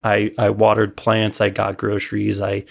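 A man's voice: on the low side, completely flat delivery, moderate pace, vocal fry. A man from Illinois telling a long, rambling story as a podcast guest, full of fillers and restarts. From Illinois, USA. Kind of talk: casual storytelling.

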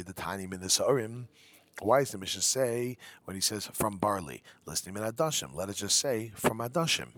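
A man's voice: on the low side, pushed and bright, dry recording. Man teaching Talmud in a sing-song. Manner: explains in a sing-song learning chant, mixing Aramaic and English. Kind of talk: Talmud study lesson.

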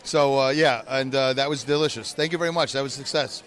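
A man with a medium-pitched, fairly bright voice talks quickly and with fairly even intonation while co-hosting a podcast. The chat is casual, full of jokes, teasing of his co-host, and self-mockery, with crowd noise in the background.

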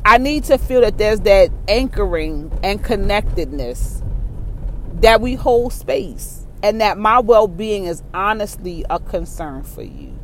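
A solo vlogger with a blended Baltimore and New York accent rambles through a casual monologue in a medium-pitched voice over slight background noise. Candid and profane, they laugh often and repeat phrases while thinking out loud.

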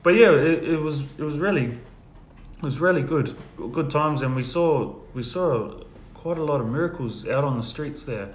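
A man casually recounting church testimonies, telling his story and softly acting out the dialogue. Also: a little high, normal speed, few pauses. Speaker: guest sharing testimonies. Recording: echoey room with faint ambient noise.

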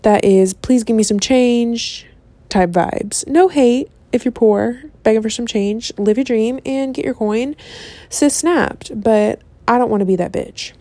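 A young woman in casual, profane chat, sassy and animated, often slipping into mock voices. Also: fairly high pitch, measured pace, no echo.

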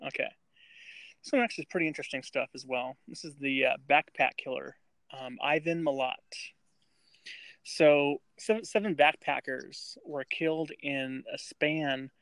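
Halting man telling a true-crime story. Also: a little high, gravelly, a bit bright, no echo. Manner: halting, many restarts and fillers. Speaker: podcast co-host. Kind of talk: casual true-crime chat.

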